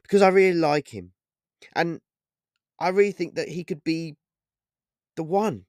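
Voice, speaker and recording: A man's voice: on the high side, measured pace, no echo, studio quality, voice pushed up. A man voicing a teasing young barmaid. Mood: fond. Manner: gently teasing, bright raised voice. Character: cheerful young woman bartender, teasing.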